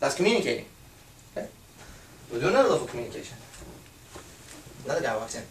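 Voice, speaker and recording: A man giving a blunt, profane and animated seminar talk as a dating and confidence coach. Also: medium pitch, fast, echoey room, recorded from a distance, slight background noise. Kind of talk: seminar talk to a live group.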